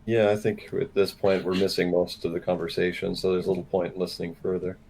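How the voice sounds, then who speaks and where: A man's voice: deep voice, little pitch movement, fairly quick, a little mellow, a little hiss or hum, low-quality recording. A man playing in a tabletop role-playing game, speaking plainly and matter-of-factly. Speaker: player. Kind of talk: casual game talk.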